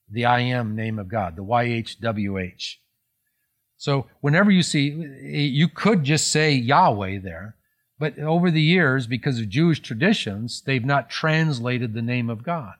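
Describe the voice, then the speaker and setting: A man preaching a sermon in a conversational tone, explaining scripture with frequent restarts and self-corrections. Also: medium pitch. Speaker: pastor.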